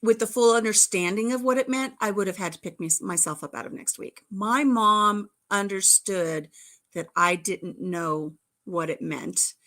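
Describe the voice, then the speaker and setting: A woman's voice: lowish voice, fairly bright tone. A middle-aged woman hosting a casual livestream, telling childhood stories in a chatty, giggly way with playful innuendo. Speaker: livestream host. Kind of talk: casual chat, storytelling.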